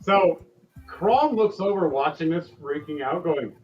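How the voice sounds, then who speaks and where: A man narrating as game master in a relaxed, chuckling way. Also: on the high side, unhurried, soft background music. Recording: distant, dull roomy mic.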